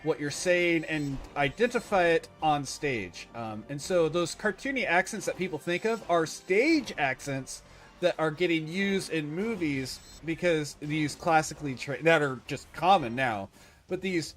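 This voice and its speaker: A man's voice: on the high side, lively intonation, unhurried, a bit bright, faint music behind. A man streaming a game live, chatting casually with viewers, rambling and correcting himself as he goes. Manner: rambling, self-correcting, opinionated. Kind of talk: casual livestream chat.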